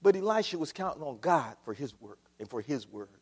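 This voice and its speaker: A man preaching a sermon as pastor, swinging from quiet asides to loud shouts. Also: fairly high pitch, sing-song, fairly quick, breathy edge. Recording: long hall reverb.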